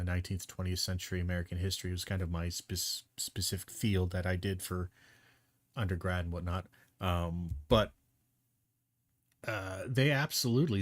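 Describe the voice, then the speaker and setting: A man's voice: deep voice, dry recording. Indignant, blunt male streamer. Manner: indignant, blunt, swears freely. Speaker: streamer reacting to a debate clip. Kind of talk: heated commentary.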